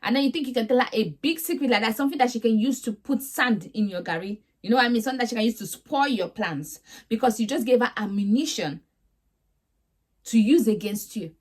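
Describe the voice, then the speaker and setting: A young woman rants through a reality TV recap with sassy, chatty exasperation. Her voice sits a little on the high side. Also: expressive, brisk, slightly rough. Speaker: vlogger host.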